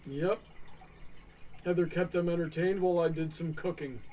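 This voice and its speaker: A man's voice: a little high, steady tone, moderate pace, dark tone, recorded from a distance, slight background noise, low-quality recording. A young man co-hosting a livestream, laid-back, answering viewer questions and chatting about his week. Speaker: stream co-host. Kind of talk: casual chat on a livestream.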